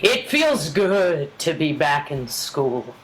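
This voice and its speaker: A woman reading the part of a teenage girl vampire slayer at a comedic script read-through, in a flat, earnest delivery. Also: deep voice, takes it slowly, slight background noise, full character voice, poor audio. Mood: chipper.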